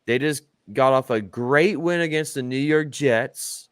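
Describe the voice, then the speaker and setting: A man hosting a casual sports talk stream, animated and joking, hyping up his picks. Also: medium pitch, measured pace, clean tone, no echo, studio quality. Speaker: host.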